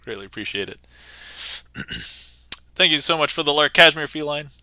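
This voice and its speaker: A man's voice: fairly high pitch, expressive, moderate pace, sharp tone, no room sound. A man performing card magic on a livestream, chatting playfully with viewers, laughing often and thanking them by name. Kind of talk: casual livestream patter.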